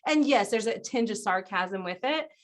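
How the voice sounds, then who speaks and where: A woman guest on a podcast interview, explaining ideas in an animated way, often laughing and acting out other people's voices. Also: mid-range voice, moderate pace. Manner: animated, acts out quoted voices. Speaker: guest business strategist.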